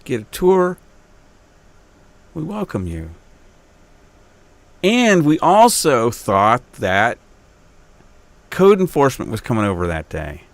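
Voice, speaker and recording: A man's voice: medium pitch, sing-song, a little slow, no echo. A man hosting his own podcast, telling a local story in a rambling, self-interrupting way, with an Upstate New York accent. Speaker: podcast host. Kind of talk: casual monologue.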